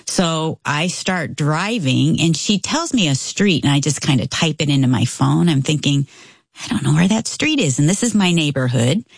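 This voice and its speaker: A woman telling a story in casual conversation, acting out the voices she quotes in an animated way. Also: sits low, gravelly, breathy edge, no room sound, studio quality. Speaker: storyteller guest.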